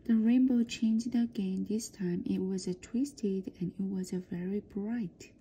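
A woman reading a children's storybook aloud for practice, softly and often in a whisper. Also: medium pitch, steady tone, takes it slowly, a little hiss or hum. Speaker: reader.

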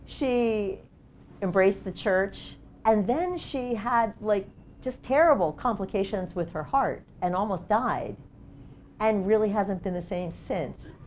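With a medium-pitched, darkish voice and a bit of hiss or hum in the recording, a middle-aged documentary photographer tells stories in a casual seminar talk. Her speech at the event space is loaded with "like" and "you know," and she acts out quotes.

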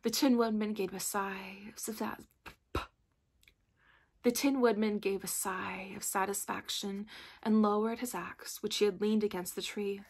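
A woman from the library staff reading a children's book aloud in calm, measured storytelling. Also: mid-range voice, breathy edge.

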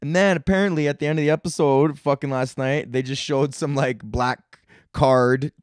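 A man's voice: medium pitch, fairly even intonation, normal speed, no room sound. A young Canadian man rants loosely through his solo comedy podcast, loose and profane, sprinkling "man" and "bro" through every sentence. His voice sits in a middle range. The sound is close and dry, with no room around it. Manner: laid-back, profane, slangy, rambling with frequent "man" and "bro". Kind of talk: casual solo rant.

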